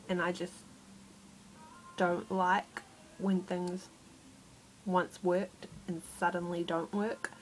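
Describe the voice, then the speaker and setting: Slow-talking woman vlogger, rambling storytime. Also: lowish voice, flat delivery, slight background noise, rough recording. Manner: rambling, exasperated, self-mocking. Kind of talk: casual storytime monologue.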